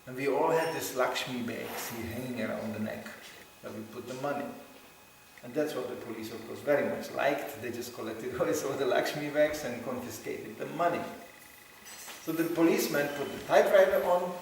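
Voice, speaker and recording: A man giving a religious talk, telling anecdotes with lively storytelling and acting out the voices of people he quotes. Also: mid-range voice, normal speed, gravelly, a little hiss or hum. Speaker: devotional speaker. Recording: very echoey hall, mic far off.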